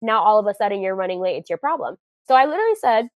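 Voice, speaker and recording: A woman's voice: fairly high pitch, racing, vocal fry, hardly any pauses, dry recording, highs cut off. Chatty young woman caller. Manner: animated retelling, acts out others' lines, many "like"s. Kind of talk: casual storytelling on a call-in show.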